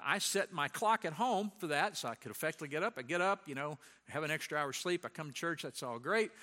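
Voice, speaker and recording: A man preaching as a pastor, telling a personal story in an animated way and acting out what people said. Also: on the high side. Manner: animated storyteller, acts out quoted voices. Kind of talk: sermon with storytelling.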